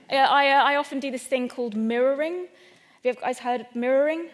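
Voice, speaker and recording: A fairly high-voiced woman comedian from England talks to a live crowd, playful and self-mocking, with a light chatty delivery. Her voice carries a long reverberant tail from the hall around her. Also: fairly quick. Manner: chatty, playful, self-deprecating, addresses the audience. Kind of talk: stand-up comedy talk. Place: event venue in front of a live audience.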